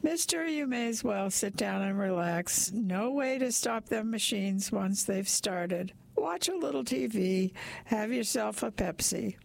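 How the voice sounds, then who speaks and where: Reader as a protective, folksy laundry lady, calm and gravelly. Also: medium pitch, unhurried, dry recording. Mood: soothing. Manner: folksy, soothing. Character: big protective laundromat attendant woman, unflappable.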